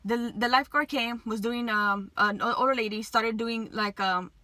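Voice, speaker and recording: A woman's voice: a little high, fairly even intonation, normal speed, sharp tone, no room sound. A woman telling an emotional story to her viewers, agitated, swearing constantly and restarting her sentences. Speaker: vlogger.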